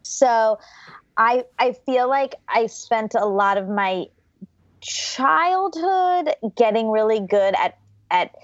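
A woman's voice: a little high, lively intonation, slow, no echo. Reflective woman from Georgia, dull dry sound. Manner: reflective, laughs often, frequent restarts. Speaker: podcast guest. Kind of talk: casual interview conversation.

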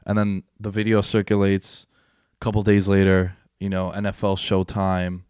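An animated young man talking sports in a casual chat, his voice jumping from loud excited bursts down to low mutters. He sits close to a dry podcast mic, with no room sound around him. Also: moderate pace, clean tone, no echo.

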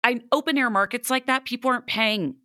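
A woman co-hosting a podcast in casual chat, emphatic and quick to laugh. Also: a little high, bright, forceful tone, dry recording, clean studio sound. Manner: chatty, laughs often, emphatic. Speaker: podcast co-host.

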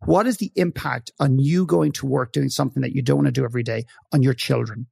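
A man's voice: mid-range voice, fast, gravelly, dark tone, husky, dry recording, studio quality. A man speaking as a podcast guest, telling a story with emphasis, acting out the dialogue and swearing now and then. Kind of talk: passionate storytelling in conversation.

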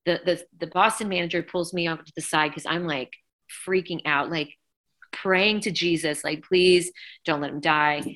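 A middle-aged woman, a singer being interviewed, recounting events in a lively, emotional way and acting out quoted dialogue. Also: fairly low pitch, normal speed. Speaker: guest singer. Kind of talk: conversational interview storytelling.

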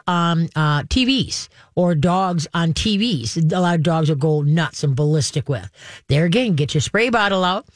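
A woman's voice: on the low side, dry recording, studio quality. A woman hosting a pet advice show, talking through dog training steps in a chatty way, often saying "okay" and acting out dogs and owners. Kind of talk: call-in advice show talk.

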